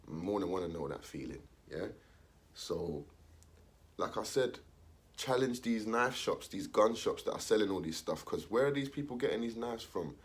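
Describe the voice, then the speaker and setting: A man's voice: lowish voice, expressive, moderate pace. A young man, talking casually in street slang, ranting his opinion and acting out the voices of others. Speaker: commentator.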